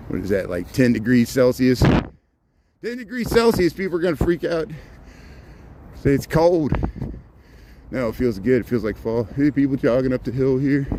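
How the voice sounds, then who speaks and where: A man's voice: medium pitch, noisy background. A man hosting a walking livestream outdoors in a city park at dawn, rambling with repeated words and restarts, a little out of breath, talking into a handheld phone. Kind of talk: casual live walking commentary.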